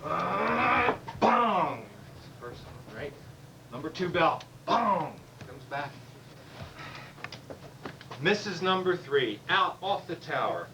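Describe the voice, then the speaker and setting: A man telling a stand-up joke with lively storytelling and loud sound effects. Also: on the high side, slow, vocal fry, pauses often. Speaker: stand-up comedian. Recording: distant mic, noisy room.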